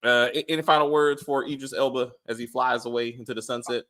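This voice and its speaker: A man's voice: medium pitch, steady tone, fast talker, fairly bright tone. A man hosting a casual review panel over a video call. He stammers, repeats himself and laughs often. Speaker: host of a review show.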